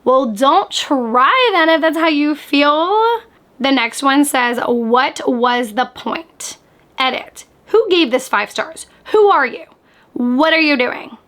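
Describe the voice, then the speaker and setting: A woman book vlogger in casual reaction chat, animated and chatty, sprinkling "like" through her talk. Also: sits high, takes it slowly. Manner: chatty, animated, frequent "like" fillers.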